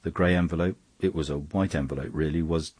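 A man's voice: a bass voice, steady tone, fast, darkish tone, slightly rough, dry recording. A man reading aloud, voicing a blunt, hearty male friend who talks gloomily or in protest. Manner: gloomy, then exclaiming in protest.

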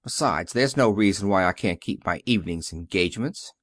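A man reading the part of a sullen, defiant teenage boy who talks low and grudgingly. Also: lively intonation, fairly quick, fairly bright tone, dry recording, clean studio sound.

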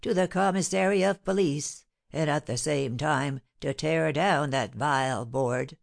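A mournful, timid middle-aged porter, read by a woman, moaning his woes slowly and heavily. His speech drags in low, drawn-out phrases. It comes across as a storybook reading. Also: vocal fry, full character voice. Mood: doleful. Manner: moaning, dolorous.

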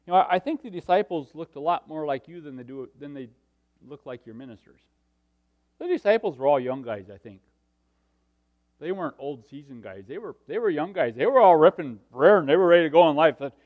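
Middle-aged male preacher, high-pitched, animated storytelling, quiet asides to loud peaks. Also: a little fast, lo-fi sound. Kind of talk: sermon with personal stories.

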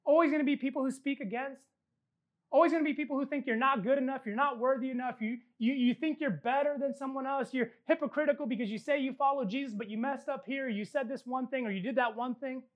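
High-voiced woman preaching emphatically. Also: fast talker, lo-fi sound. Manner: emphatic preaching with repeated phrases and joking asides. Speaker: pastor. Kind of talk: sermon.

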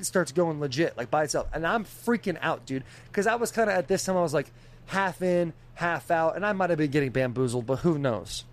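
A young man in casual group chat, telling a story with animated delivery, imitating beeps and other people's voices, and swearing freely. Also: fairly high pitch, a little fast. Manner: animated storytelling, mimics beeping and quoted voices.

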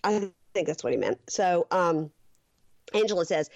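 A woman's voice: on the low side, animated, normal speed, gravelly, a little mellow. A woman co-hosting a podcast, chatting casually and recapping a show with frank, profane remarks. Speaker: podcast co-host. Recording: slightly dull lo-fi sound.

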